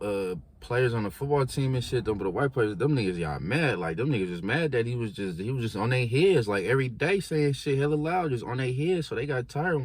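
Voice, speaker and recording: A man's voice: mid-range voice, no echo. A young man casually telling a story in heavy slang, acting out the voices of the people in it. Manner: animated slangy storytelling, acts out quotes.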